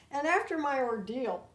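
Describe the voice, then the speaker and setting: An older American woman, a guest, telling her own story with heartfelt, animated feeling. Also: high-pitched. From United States. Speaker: interview guest. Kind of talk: personal storytelling. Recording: roomy echo.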